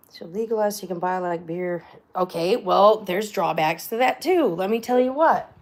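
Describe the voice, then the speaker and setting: A woman's voice: medium pitch, expressive, unhurried, pauses often, darkish tone, poor audio. A middle-aged American woman chatting casually on a live stream, rambling and swearing freely as she talks. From United States. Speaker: vlogger.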